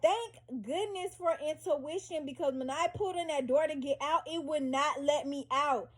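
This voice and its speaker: A young woman vlogger telling a dramatic story to her viewers in a lively, animated way. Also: sits high, moderate pace. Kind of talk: storytime vlog.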